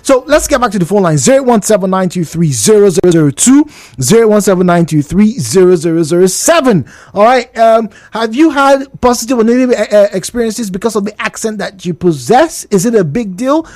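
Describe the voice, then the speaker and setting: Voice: mid-range voice, a little fast, dry recording. A radio talk show host, pressing the guest with questions and restarting sentences, in a studio. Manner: animated, probing, hesitant restarts. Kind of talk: live radio discussion.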